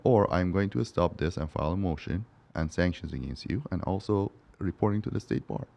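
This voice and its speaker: Lively storytelling man, deep voice. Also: a little fast, gravelly. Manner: animated, acts out quotes in a raised voice, laughs often. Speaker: guest, personal injury lawyer. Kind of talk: casual storytelling interview.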